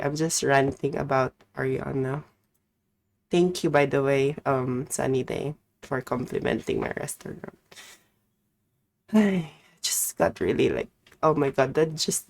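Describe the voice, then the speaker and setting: A woman's voice: a bass voice, gravelly, a little mellow. A young woman streaming a game, chatting casually, rambling and swearing and then apologizing. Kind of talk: casual live-stream chat while gaming.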